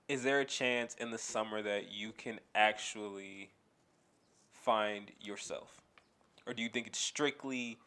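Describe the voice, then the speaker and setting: A man's voice: lowish voice, sharp tone. A young man co-hosting a podcast in casual chat, rambling, swearing and laughing often. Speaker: podcast co-host.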